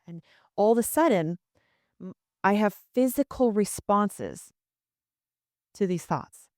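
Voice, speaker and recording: A woman in her thirties hosting a podcast, reflective and animated as she shares her own experiences. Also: mid-range voice, a little slow, pauses often, no room sound, studio quality. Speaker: podcast host. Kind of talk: conversational interview.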